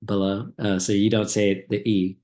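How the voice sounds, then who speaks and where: A man's voice: on the low side, level tone, normal speed, mellow. A laid-back man in a casual reaction chat who tells rambling stories and laughs often. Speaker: co-host.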